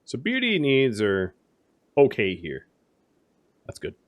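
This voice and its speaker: A man's voice: medium pitch, huge pitch swings, slow pace. A man casually commentating a strategy game, thinking aloud and explaining the rules with frequent fillers. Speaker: gaming video host.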